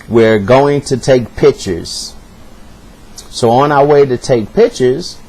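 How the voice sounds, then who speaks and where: A man's voice: medium pitch, darkish tone. A man telling a personal story in a casual, earnest way, sounding hurt and speaking straight to the listener.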